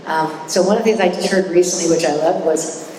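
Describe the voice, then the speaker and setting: A woman's voice: lowish voice, quick pace, dark tone, far from the mic. Self-mocking woman in an echoey hall. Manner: candid, self-mocking, chatty with many restarts. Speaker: recovery meeting speaker. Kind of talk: personal recovery talk. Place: meeting hall. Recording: echoey hall recording from afar.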